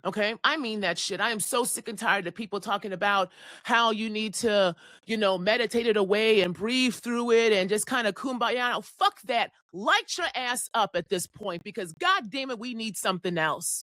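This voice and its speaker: A woman's voice: medium pitch, moderate pace, fairly bright tone, no echo. A woman in her forties gives a passionate astrology forecast, preaching with a lot of swearing. She sounds close to tears at times. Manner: fiery, preachy, profane, near tears. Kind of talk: impassioned forecast monologue.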